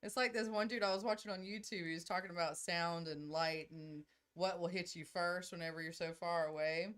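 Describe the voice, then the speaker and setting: A middle-aged woman with a drawl, co-hosting a casual chat. She tells stories in a brash, loud way, punctuated with laughter. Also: fairly low pitch, fairly even intonation, fairly quick, smooth. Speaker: podcast co-host.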